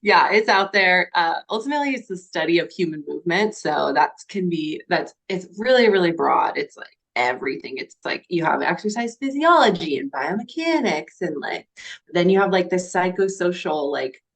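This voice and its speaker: A woman coach as a podcast guest, talking in a relaxed, upbeat way with many fillers. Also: fairly low pitch, moderate pace. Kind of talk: casual podcast chat.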